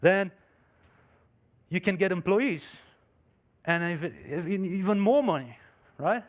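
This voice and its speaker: A man's voice: high voice, animated, slow pace, pitched above the performer's own voice. A man speaking English as a second language, voicing a pushy, successful businessman who lectures insistently.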